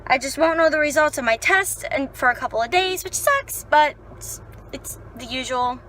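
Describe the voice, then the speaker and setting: A young woman vlogging casually, chatty and animated, swearing freely as she tells stories. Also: sits high, normal speed, a little hiss or hum, rough recording. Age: young adult. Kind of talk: casual vlog chat.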